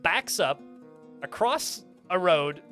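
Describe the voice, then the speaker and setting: A man's voice: sits high, animated, slow pace, pushed and bright, soft background music. A man streaming a game, casually telling a rambling anecdote full of fillers. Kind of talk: casual storytelling while playing a game.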